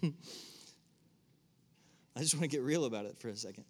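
A man's voice: high-pitched, lively intonation, a little fast, long pauses, a little hiss or hum. A man preaching to a room, talking casually and putting direct questions to his listeners. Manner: conversational, asks the audience direct questions. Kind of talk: sermon. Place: church room with an audience.

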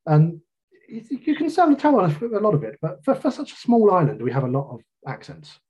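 A British man talks in an easy, rambling way, full of jokey asides at his own expense. His voice is husky and slightly rough, at an ordinary pitch. The recording sounds a little dull and lo-fi. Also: big pitch swings, fairly quick, darkish tone. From Britain. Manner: chatty, self-deprecating, jokey asides. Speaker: author being interviewed. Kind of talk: casual interview chat.

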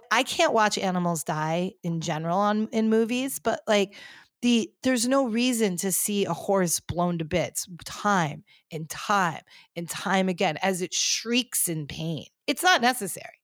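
A woman's voice: mid-range voice, dry recording, clean studio sound. A woman hosting a podcast, ranting animatedly in casual chat with lots of filler words. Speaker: podcast host.

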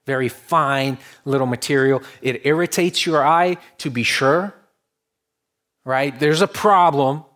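A man's voice: mid-range voice, fairly bright tone. Man preaching a conversational sermon. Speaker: pastor.

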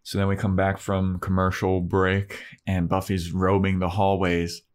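Male podcast co-host, low voice, casual and swear-happy, slips into quoted dialogue as he recaps. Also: completely flat delivery, measured pace. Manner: loose and profane, acts out quoted dialogue. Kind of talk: casual TV episode recap chat.

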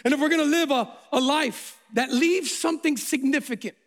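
High-voiced man preaching in a reverberant hall. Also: normal speed, few pauses. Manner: storytelling, animated, self-mocking, repeats words. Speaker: pastor. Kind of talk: sermon with personal story.

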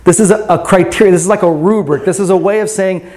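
A man with a fairly high voice delivers a sermon as a pastor, telling a story to his congregation. His delivery is loose and conversational, full of little check-ins like "right?" rather than formal preaching. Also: fairly even intonation, fast, darkish tone. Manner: casual, often asks "right?".

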